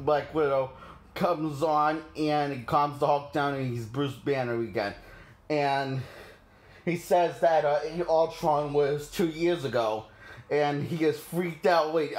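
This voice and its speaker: Guy slowly recapping a film, lots of uhs, chuckles a lot, kinda high voice. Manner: halting, many fillers, frequent chuckles. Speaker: film reviewer. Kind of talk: casual movie plot retelling.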